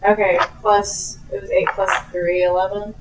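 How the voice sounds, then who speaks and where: A woman's voice: mid-range voice, level tone, moderate pace, loud music behind the voice. A woman playing a tabletop game in a playful, giggly way. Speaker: player. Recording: echoey room, far from mic.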